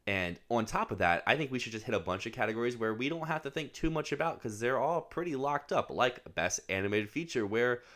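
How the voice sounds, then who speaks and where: A man co-hosting a film awards podcast in casual chat, talking quickly and analytically through the options. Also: medium pitch, expressive, a bit bright. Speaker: podcast co-host.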